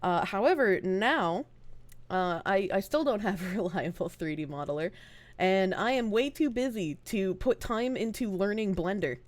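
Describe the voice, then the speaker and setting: A woman's voice: mid-range voice, lively intonation, moderate pace. A woman streaming live in casual, chatty talk with a groggy morning voice. She swears freely and laughs often. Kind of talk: casual livestream chat.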